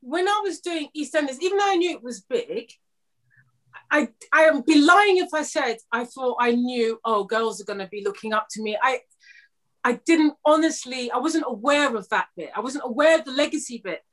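A woman with a high voice, speaking as a podcast guest. She reflects openly and plainly on her own past. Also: lively intonation, moderate pace. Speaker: actress guest. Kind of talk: podcast conversation.

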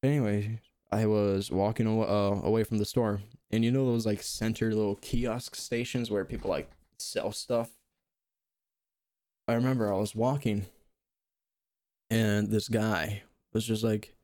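A man's voice: on the low side, little pitch movement, unhurried, a little mellow, dry recording, studio quality. A young man telling rambling, self-mocking comic stories in casual talk, laughing at his own jokes. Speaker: storyteller. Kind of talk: casual comedic storytelling.

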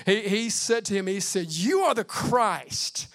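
Man, pastor, sermon, high voice, loud and hushed turns, amen calls. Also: lively intonation. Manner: preaching with swings from loud emphasis to hushed, slow delivery; calls out "Amen" between points.

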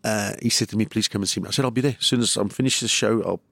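A middle-aged comedian with a South African accent telling stories in a rambling, animated way and acting out the voices of the people he quotes. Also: lowish voice, racing, gravelly, slightly rough, dry recording. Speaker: comedian, guest. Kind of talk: casual storytelling.

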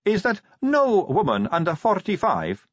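A man's voice: high-pitched, wildly swooping pitch, measured pace, no echo, lo-fi sound, pitched above the performer's own voice, full character voice. A man voicing a worldly, teasing young vampire woman with a knowing, wry manner in a storybook reading. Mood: coaxing.

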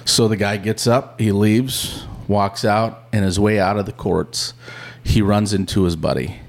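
A man co-hosting a Christian podcast, teaching casually and telling stories in an animated, chatty way that acts out the lines he quotes. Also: on the low side, a little slow. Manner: chatty and informal. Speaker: podcast co-host. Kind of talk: casual conversational Bible teaching.

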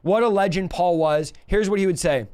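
A man's voice: high voice, normal speed, darkish tone, clean tone. A man teaching a Bible study in an earnest way, reading scripture aloud and at times sounding moved. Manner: earnest, reads scripture aloud, grows emotional.

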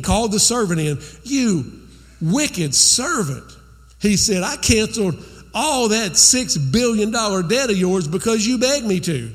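A man's voice: high-pitched, in a large hall. A man preaching a sermon as pastor, conversational and repeating phrases for emphasis.

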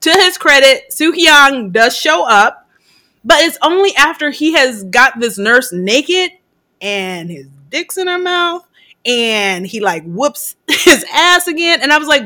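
A woman's voice: high-pitched, big pitch swings, slow, sharp tone. A woman co-hosting a casual podcast, retelling a film scene by scene, swearing freely and laughing often as she acts out the characters' lines. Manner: laughs often mid-sentence while recounting. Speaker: podcast co-host.

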